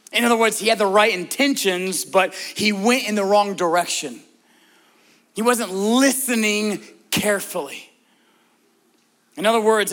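A male pastor delivering a conversational sermon, often asking the congregation direct questions and moving between emphatic lines and soft, hushed prayer. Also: sits high.

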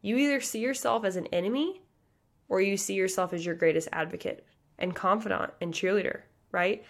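A woman in her thirties from the American Midwest, a pageant coach talking passionately and chattily on her podcast. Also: mid-range voice. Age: 30s. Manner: passionate, fast, chatty with many likes and you guys. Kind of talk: motivational podcast talk.

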